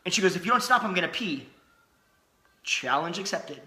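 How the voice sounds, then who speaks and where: A man in his thirties, a podcast co-host, telling a funny personal story in casual chat, animated and laughing often. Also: sits high, a little fast, echoey room.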